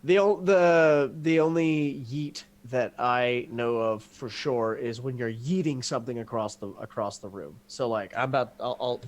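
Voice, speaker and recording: A man's voice: mid-range voice, steady tone, unhurried, few pauses. A man from the American South co-hosting a podcast in casual chat, rambling, laughing and swearing. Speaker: podcast co-host.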